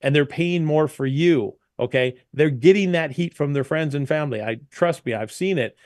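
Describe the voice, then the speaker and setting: A man's voice: a little high, normal speed, no room sound, clean studio sound. A man who owns an entertainment company, chatting in an interview and giving business tips. He tells stories with energy and acts out the quotes. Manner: animated storyteller, emphatic, acts out quotes. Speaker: DJ entertainment company owner, guest.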